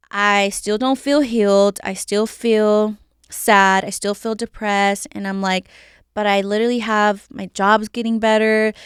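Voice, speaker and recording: A woman's voice: medium pitch, fairly bright tone, clear, resonant tone, dry recording, studio quality. A woman telling her faith testimony as a podcast guest, in a candid and emotional way, full of "like" fillers. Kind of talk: casual personal testimony.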